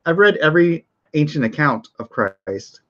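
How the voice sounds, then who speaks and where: A man's voice: on the high side, big pitch swings, moderate pace, bright, forceful tone. A middle-aged man hosting a casual livestream, rambling with fillers and restarts and reading news aloud, his voice slightly off. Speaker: host of a livestream show. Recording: dull lo-fi stream audio.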